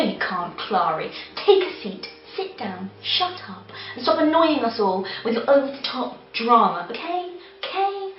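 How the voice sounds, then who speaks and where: Woman, high voice, sarcastic, exasperated vlog rant; roomy, slightly dull sound. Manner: exasperated, sarcastic, laughing rants. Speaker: book reviewer. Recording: roomy echo, slightly dull, faint music.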